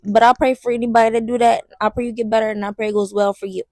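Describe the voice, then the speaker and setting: A young woman telling a personal story to the camera in an animated, slangy way, talking straight to the viewer. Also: on the high side, rapid-fire, no room sound, clean studio sound. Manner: slangy and blunt, with some swearing. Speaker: vlogger. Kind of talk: casual storytime.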